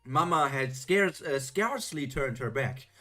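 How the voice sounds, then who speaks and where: A woman's voice: very deep voice, animated, unhurried, pushed and bright, soft background music. A woman streamer reading old children's rhymes aloud in a playful, theatrical way, adding joking comments between them. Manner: playful, theatrical, jokey asides.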